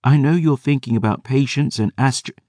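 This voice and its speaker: A man's voice: medium pitch, moderate pace, warm tone, no echo, clean studio sound, pitched above the performer's own voice, lightly acted. A man voicing a fierce, defiant teenage girl who talks in an insistent, pleading way. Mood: tearful pleading.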